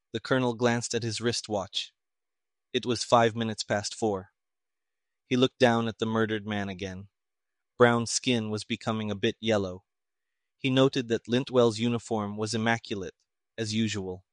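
A man narrating a mystery story in an even, measured reading. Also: on the low side, no room sound, studio quality. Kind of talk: audiobook narration of a pulp mystery.

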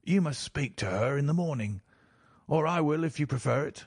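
A man's voice: fairly high pitch, lively intonation, normal speed, breathy edge, dry recording, studio quality. A man voicing a worried young woman of the household, speaking earnestly and with concern in a dramatized reading.

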